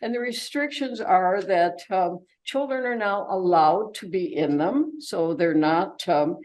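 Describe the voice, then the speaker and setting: An older woman with a fairly low voice gives a relaxed, informal slide talk about her travels. She talks chattily, with plenty of ums, uhs and restarts as she goes along. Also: measured pace, low-quality recording. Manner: chatty, many fillers and restarts. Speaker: travelogue presenter.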